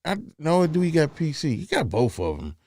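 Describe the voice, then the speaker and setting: A man's voice: fairly high pitch, wildly swooping pitch, normal speed, darkish tone, no echo. A man hosting a casual podcast, laid-back and slangy, joking his way through a technical hitch. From Cincinnati. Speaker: podcast host.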